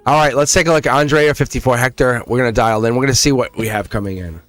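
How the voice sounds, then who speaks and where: A man's voice: medium pitch, quick pace, hardly any pauses, fairly bright tone, no echo, soft background music. A man with a Boston accent giving a casual, rambling livestream tarot reading, restarting phrases and chuckling. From England.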